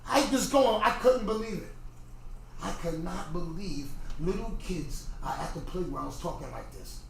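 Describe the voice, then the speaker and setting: A middle-aged man with a fairly high voice rants animatedly in a casual livestream monologue, stumbling and repeating words. The sound is very echoey, with faint noise behind him. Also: unhurried, gravelly. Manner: animated ranting, repeats himself. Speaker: podcast host.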